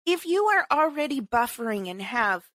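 Brief: high-pitched woman podcast host, exasperated, animated ranting, close dry mic. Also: normal speed, no room sound. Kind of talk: casual chat.

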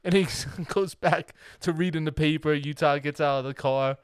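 A man's voice: on the high side, moderate pace, smooth, dry recording, clean studio sound. A man co-hosting a casual movie podcast, animatedly retelling and acting out scenes. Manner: animated, acts out quoted lines. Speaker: podcast co-host.

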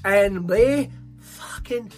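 Sweary Scottish stand-up comedian. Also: male voice, high voice, extremely slow, soft background music. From Scotland. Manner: sweary, animated storytelling. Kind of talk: stand-up routine.

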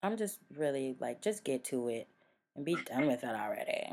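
A woman with a Southern US accent co-hosting a casual chat podcast, laughing often and acting out quick asides. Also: a bass voice, very noisy. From American South. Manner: laughs often, animated, drifts into voiced asides. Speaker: podcast co-host.

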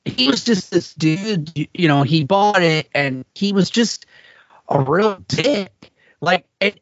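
A man's voice: sits high, no room sound. A man on a podcast, casually chatting and ranting with heavy swearing. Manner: profane, heated ranting. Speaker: podcast co-host. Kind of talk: casual chat. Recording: dry, dull lo-fi podcast audio.

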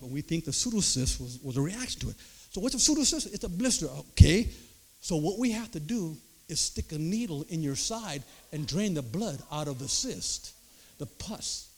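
A man preaching, telling his own testimony story with animated storytelling and acted-out voices. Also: a little high, normal speed. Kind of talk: sermon testimony.

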